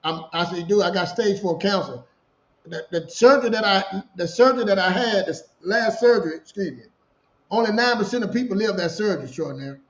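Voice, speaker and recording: A man with a fairly high voice tells his story in a loose, animated way, circling back over the same words as he goes. He sounds middle-aged. The recording is roomy and a little dull and lo-fi. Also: fairly quick. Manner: animated, repeats himself, laughs while telling. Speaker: podcast co-host sharing his story. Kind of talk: casual conversational storytelling.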